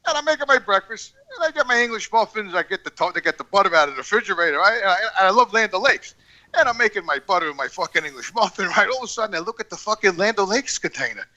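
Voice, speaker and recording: A man's voice: high-pitched, expressive, quick pace, sharp tone, dull audio. A man ranting in casual chat on a podcast call, profane, rambling and heated. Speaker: regular podcast guest. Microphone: video call.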